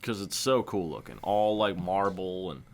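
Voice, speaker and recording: A man's voice: sits low, normal speed. A man co-hosting a casual horror podcast, laid-back and swearing freely, sometimes trailing off into mumbles. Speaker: podcast co-host. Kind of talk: casual chat.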